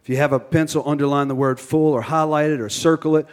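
A pastor with a Cajun accent preaching a sermon with energy, leading the congregation in call-and-response and cracking jokes. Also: male voice, a little high, steady tone, normal speed, a little mellow.

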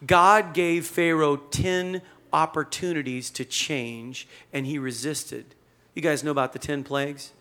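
Bright-voiced, animated male pastor preaching. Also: a little high. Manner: conversational, animated storytelling preaching. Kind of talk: sermon.

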